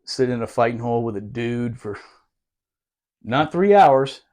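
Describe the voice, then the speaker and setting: In an unhurried, medium-pitched voice, this man, a forty-something Marine veteran, hosts a podcast and shares stories during loose conversation. He's animated and foul-mouthed, laughing often throughout.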